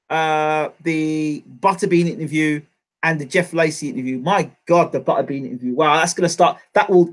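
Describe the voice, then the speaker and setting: A man hosting a casual sports livestream, eager and rambling as he gives shout-outs. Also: fairly high pitch. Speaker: livestream host.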